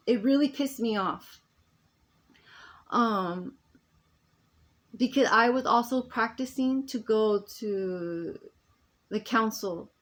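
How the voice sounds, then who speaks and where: A woman talking straight to her phone in a rambling personal monologue, emphatic and full of restarts that trail off. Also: mid-range voice. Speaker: vlogger.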